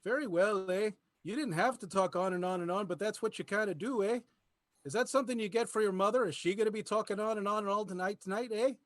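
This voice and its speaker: Speaking fast in a high-pitched, natural voice, an improv performer takes on a Mountie-style, laid-back Canadian boyfriend with a put-on accent. His short lines keep ending in "eh", and the studio-quality recording has no echo.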